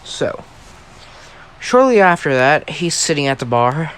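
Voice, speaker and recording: A man's voice: a little high, sing-song, measured pace, fairly bright tone, clean tone. Rambling man improvising a story. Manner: rambling, casual, full of fillers and self-corrections. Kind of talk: improvised fan-fiction storytelling.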